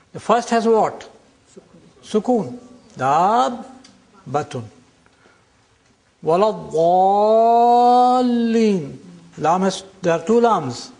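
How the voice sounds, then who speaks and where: An older man teaching a classroom lecture, explaining slowly and deliberately and drawing out example words. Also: sits high.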